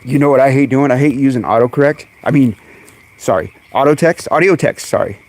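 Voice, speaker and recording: A man hosting a casual live stream outdoors among his birds, chatting away and calling to them in high coaxing tones, recorded on a phone. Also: brisk, a little mellow. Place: outdoors in a bird yard on a sunny day. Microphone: phone camera.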